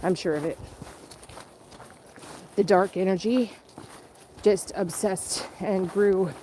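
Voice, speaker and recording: A woman's voice: medium pitch, steady tone, slow, dark tone, slight background noise, poor audio. A woman telling a personal story on a live stream while walking her dog outdoors in a rural area, speaking candidly and rambling. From Canada. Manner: candid, rambling, checking on viewers. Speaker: vlogger.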